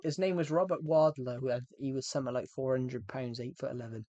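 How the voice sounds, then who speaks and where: A man's voice: mid-range voice, fairly even intonation, brisk, noisy background. A young man hosting a live game stream, chatting with friends in a rambling, joking way and tripping over his words. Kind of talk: casual gaming stream chat.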